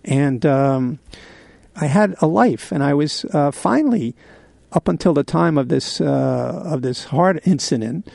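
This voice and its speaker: A man in his sixties hosting a radio show, telling a candid personal story in a halting way with many pauses and fillers. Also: fairly high pitch, expressive, gravelly, darkish tone, no echo. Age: 60s. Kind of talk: confessional radio monologue.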